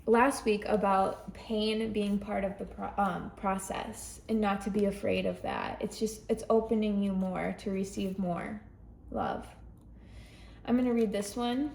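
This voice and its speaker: A young woman reads oracle cards aloud for a tarot audience, slow and soft, with a gravelly edge in her voice. She gushes with feeling between the passages she reads. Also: mid-range voice, echoey room, a little hiss or hum. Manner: emotional, gushing, reads slowly and softly from cards. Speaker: tarot reader.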